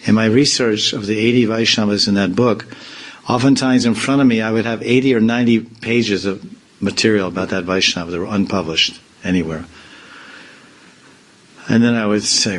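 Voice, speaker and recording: A man with a fairly low voice giving a loose, conversational spiritual discourse. He wanders between points and drops in playful asides, teaching the way a swami does. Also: moderate pace, poor audio. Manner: rambling, with playful asides and acted-out quotes. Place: temple community in India.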